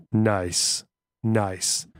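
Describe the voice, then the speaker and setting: A man's voice: fairly low pitch, flat delivery, extremely slow, no room sound, studio quality. A man chatting casually on a live stream, rambling and swearing as he reacts to chat.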